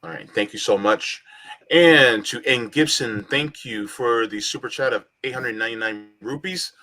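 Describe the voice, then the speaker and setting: A man hosting a livestream panel, talking in a measured, reflective way with many fillers. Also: mid-range voice, sharp tone. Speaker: livestream host.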